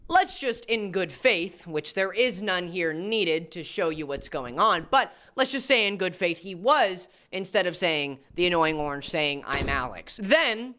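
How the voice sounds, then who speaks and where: An American man doing commentary in a sarcastic manner, jumping between loud jabs and low mutters. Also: expressive, measured pace, few pauses. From United States. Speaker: commentary YouTuber. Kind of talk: commentary video.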